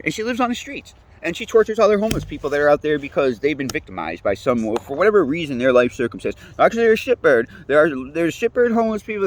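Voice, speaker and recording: A man, ranting casually, rambling and swearing often. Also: on the high side. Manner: profane, rambling, animated, laughs often. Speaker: interviewee. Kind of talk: casual rant.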